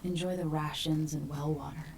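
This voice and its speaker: An actress voicing a grim, determined young deposed empress in a video game, speaking in a hushed, whispery way. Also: female voice, low-pitched, steady tone, normal speed, background noise.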